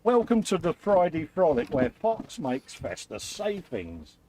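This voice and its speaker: A man's voice: fairly high pitch, huge pitch swings, a little slow, mellow, slight background noise. A man co-hosting a live model-building stream, chatting casually and reading out viewer comments. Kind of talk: casual chat.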